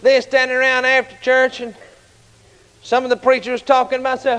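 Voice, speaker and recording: A man preaching a fiery sermon, shouting at times and telling stories in a colloquial way. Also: very high-pitched, flat delivery, a little fast, smooth. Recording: large hall with long reverb.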